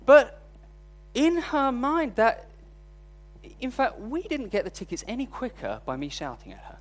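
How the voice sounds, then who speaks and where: A man's voice: extremely high pitch, very animated, a little slow. A man preaching a sermon, telling a personal story in a candid, self-deprecating way. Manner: storytelling, voice rising when recounting frustration.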